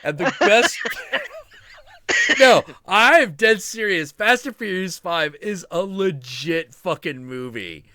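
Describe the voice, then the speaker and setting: A man's voice: fairly high pitch, slow pace, no room sound. A man hosting a stream, telling a story in casual chat with lots of swearing, laughter and acted-out quotes. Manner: animated, profane, laughing storyteller. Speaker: stream host.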